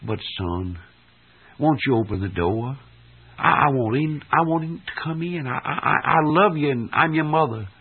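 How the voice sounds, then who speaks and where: A man's voice: mid-range voice, animated, normal speed, breathy edge, voice pushed up. A man preacher voicing a loving mother who begs her son to open the door, stammering as she pleads. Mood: pleading. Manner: stammering, begging. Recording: tinny old archive recording.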